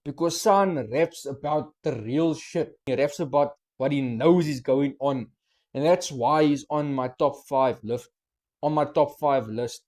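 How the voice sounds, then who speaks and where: A man's voice: fairly high pitch, measured pace. A young man, reacting to a rap track and eagerly explaining the lyrics in casual, slangy talk. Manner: excited, explains lyrics, mixes slang and swearing. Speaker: music reaction host.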